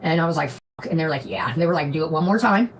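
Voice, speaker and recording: A woman's voice: low voice, racing, a little hiss or hum, poor audio. A woman on a live stream telling a rambling, profane story in casual chat. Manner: profane, rambling, animated retelling.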